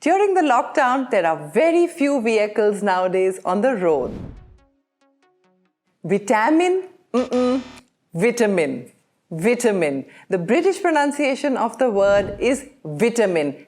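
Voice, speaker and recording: A woman teaching English pronunciation, drilling words slowly and with careful enunciation, putting questioning tones on the wrong versions. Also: a little high, expressive, a little mellow, faint music behind. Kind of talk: scripted pronunciation lesson.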